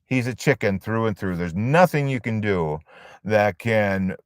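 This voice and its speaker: Skeptical farmer who is blunt and dismissive, played by a man with a deep voice. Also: lively intonation, measured pace, clean tone, no echo, studio quality. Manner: blunt, matter-of-fact.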